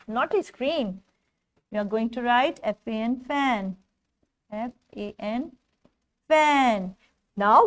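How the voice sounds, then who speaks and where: A high, bright-pitched woman with an Indian English accent teaches young children phonics at a slow, patient pace. She spells each word out letter by letter and praises the listener often, in a cheerful classroom manner.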